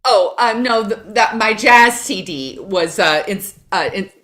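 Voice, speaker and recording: A woman's voice: mid-range voice, unhurried, fairly bright tone. A middle-aged woman from Kentucky, a jazz singer, chatting casually as a guest and telling stories with many restarts. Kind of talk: casual chat.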